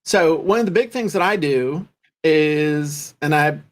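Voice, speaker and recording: In a relaxed podcast chat, a male co-host with a slightly high voice speaks unhurriedly, keeping things light with jokes and self-deprecating humor.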